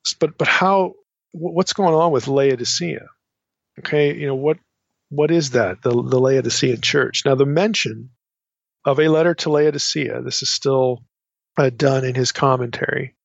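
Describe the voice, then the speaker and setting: Gravelly-voiced man teaching a Bible study. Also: medium pitch, dry recording. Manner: halting, many restarts and asides, reads quotes from commentaries. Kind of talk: unscripted Bible study lecture. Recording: dry, dull lo-fi recording.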